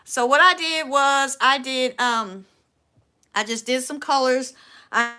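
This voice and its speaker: A bright, fairly high-voiced woman with a Southern US accent chats through a crafting livestream. She talks in a folksy, rambling way and says "y'all" often. She trails off and restarts her sentences as she works. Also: slow pace. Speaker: furniture upcycling livestream host. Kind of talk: casual livestream chat.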